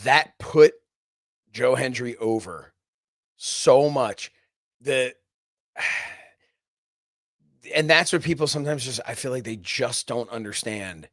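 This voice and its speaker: Brief: man, mid-pitch, podcast co-host, dry close-mic sound, easygoing. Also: fairly bright tone, dry recording. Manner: conversational, agreeable backchannels. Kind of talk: casual wrestling chat. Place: podcast studio.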